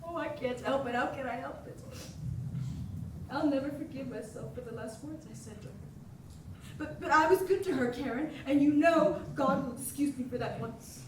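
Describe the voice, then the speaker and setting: A woman's voice: high-pitched, normal speed, a little hiss or hum, natural voice. A young actress on a school stage playing a fussy, frightened older woman who stammers and frets. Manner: stammering, fretful and breathless. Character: fussy aging woman, a former actress, frightened and self-pitying. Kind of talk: live stage acting. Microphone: distant room mic. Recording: echoey hall recorded from far off.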